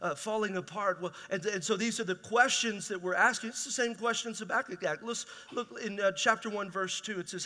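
Bright-voiced preacher in a reverberant hall. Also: male voice, sits high, a little fast, few pauses. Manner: raw, conversational preaching with rhetorical questions. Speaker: pastor. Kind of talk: sermon.

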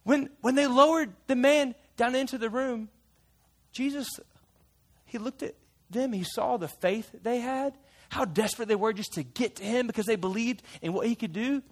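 This man speaks at normal speed with an extremely high-pitched voice. He's in character as a fisherman disciple with a folksy manner, reminiscing for a church group and playfully adding asides as he tells the story.

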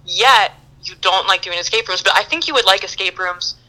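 A woman's voice: medium pitch, fairly quick, bright, forceful tone, rough recording. A woman guest in a casual chat, talking in an enthusiastic and playful way.

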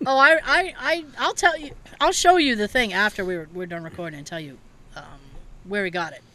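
A woman's voice: mid-range voice, brisk, sharp tone. A young woman chatting casually as a podcast co-host, telling stories, acting out the quotes and laughing often. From Massachusetts. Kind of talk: casual chat.

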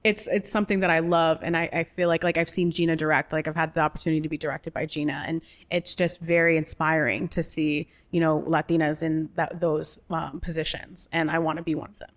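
A lower-voiced woman speaks as an interview guest. She is animated and playful and laughs easily as she talks about her work. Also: a little fast, few pauses. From United States. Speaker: actress and guest. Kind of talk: casual interview chat.

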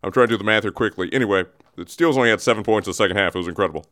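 A man's voice: lowish voice, racing, a bit bright. A man hosting a radio show in a studio, talking sports in a loose, digressive way and often interrupting himself. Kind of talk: casual rambling sports talk.

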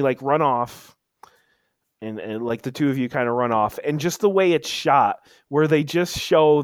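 A man's voice: medium pitch, smooth, no echo. Rambling man, dry close mic. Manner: rambling, stumbling restarts, emphatic storytelling. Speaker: podcast co-host. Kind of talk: casual chat.

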